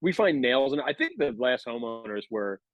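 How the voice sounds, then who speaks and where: A man's voice: medium pitch, big pitch swings, moderate pace, no room sound, lo-fi sound. A man in his thirties telling a long, rambling story on a podcast, laughing as he goes. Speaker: podcast guest. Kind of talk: casual chat, storytelling.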